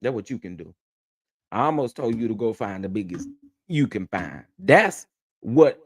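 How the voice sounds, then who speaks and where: A man hosting a livestream, ranting casually in a sassy, animated way and laughing often. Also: medium pitch, unhurried, long pauses. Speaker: livestream host.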